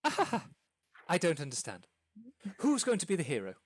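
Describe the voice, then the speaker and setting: A man's voice: on the high side, huge pitch swings, a little fast, crowd noise, pitched above the performer's own voice. A man doing a flustered theatre woman. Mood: eager. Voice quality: stammering, repeats words. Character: flustered theatre manager woman, eager and anxious.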